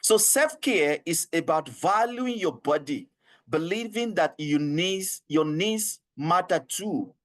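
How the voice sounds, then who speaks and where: A man's voice: a little high, animated, takes it slowly, fairly bright tone. A man with a Nigerian English accent, an HR trainer giving an online training session, earnest and coaxing, repeating his points and often laughing.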